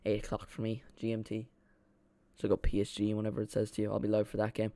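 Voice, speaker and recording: A man's voice: fairly low pitch, monotone, fast talker, mellow, dry recording, clean studio sound. A young Irish man chatting casually while streaming a football watchalong from home, rambling with frequent restarts. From Ireland. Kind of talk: casual live commentary.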